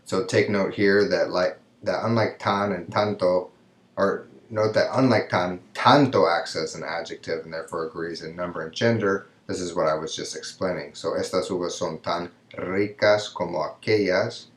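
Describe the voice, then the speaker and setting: A man with a very low voice gives a recorded grammar lesson, taking it step by step. He keeps checking in with "right?" as he explains. His voice carries a noticeable room echo. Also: normal speed. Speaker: Spanish teacher. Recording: echoey room.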